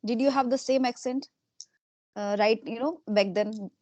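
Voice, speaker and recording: A middle-aged woman, interviewing in a casual way and softly repeating short acknowledgements. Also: fairly high pitch, moderate pace, no room sound.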